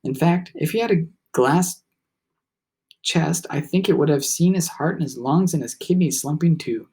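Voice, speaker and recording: Husky-voiced man reading a storybook. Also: on the high side, normal speed, darkish tone. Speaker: audiobook reader. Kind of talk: first-person storybook narration.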